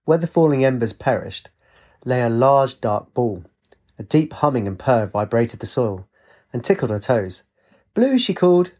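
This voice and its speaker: Husky male storybook narrator. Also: mid-range voice, moderate pace, darkish tone.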